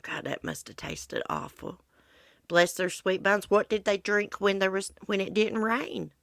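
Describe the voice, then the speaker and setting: A woman's voice: mid-range voice, unhurried, vocal fry, a bit bright, no echo, studio quality. A congested middle-aged woman, hosting a casual livestream chat in a blunt, chatty way. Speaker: livestream host. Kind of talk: casual chat about true crime with live viewers.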